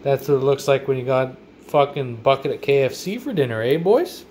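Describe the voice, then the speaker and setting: A man's voice: mid-range voice, lively intonation, fairly quick, a little mellow. A man, casually reviewing food in a vlog with crude, profane, rowdy banter. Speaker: vlogger. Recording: faint background noise.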